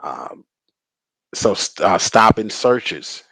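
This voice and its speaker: A man's voice: on the low side, lively intonation, slow pace, vocal fry, fairly bright tone, no echo, low-quality recording. Older male host, opinionated commentary, sardonic, dry close sound. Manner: sardonic, argumentative.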